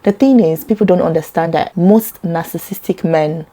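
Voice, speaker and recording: A Nigerian woman talking earnestly to camera about a personal topic, getting animated when she quotes other people. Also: on the low side, normal speed. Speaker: vlogger.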